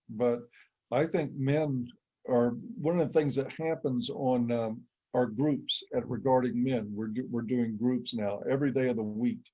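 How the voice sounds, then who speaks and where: A man's voice: medium pitch, mellow, breathy edge, dull audio. A middle-aged man giving an emphatic, blunt interview answer. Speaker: interview guest. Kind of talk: interview conversation.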